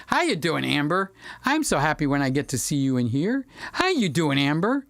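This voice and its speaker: A man's voice: on the high side, big pitch swings, moderate pace, gravelly, fairly bright tone, no echo. A man hosting a casual livestream, chatting with viewers by name and now and then singing to them. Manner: chatty, talks to viewers by name, breaks into sung lines. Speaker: livestream host. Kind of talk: casual livestream chat reading viewer comments. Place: home studio room.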